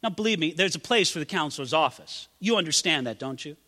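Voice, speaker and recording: A man's voice: on the high side, animated, fast talker, bright, forceful tone, in a large hall. A man preaching a sermon, dramatically acting out quoted prayers in a raised voice. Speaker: pastor.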